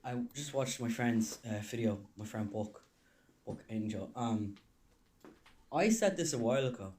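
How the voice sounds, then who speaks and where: Guy ranting in a clip, low mellow voice, blunt and sweary. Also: lively intonation, measured pace, a little hiss or hum. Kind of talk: blunt video rant.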